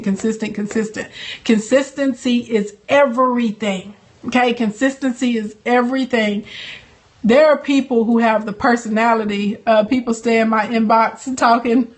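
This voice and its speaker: A young woman with a slightly high voice talks to her viewers on a phone livestream. She is sassy and chatty, coaching them with plenty of laughs. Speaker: livestream host and business coach. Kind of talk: casual livestream chat with viewers.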